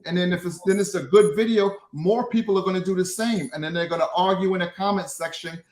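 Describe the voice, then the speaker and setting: A man's voice: sits high, quick pace, a little mellow. A man as an interview guest, explaining his methods with frequent restarts and "right?" tags. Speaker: guest, social media creator. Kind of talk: interview answers. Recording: roomy echo.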